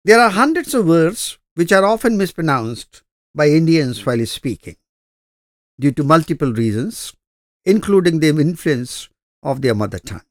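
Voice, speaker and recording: A man teaching English pronunciation, reading out word lists with slow, measured, deliberate enunciation. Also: on the high side, no room sound, clean studio sound.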